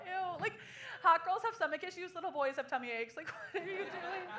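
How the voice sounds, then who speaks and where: A woman's voice: very high-pitched, a little fast, a crowd in the background. A woman in her twenties doing a sardonic, self-mocking stand-up comedy set on a small club stage.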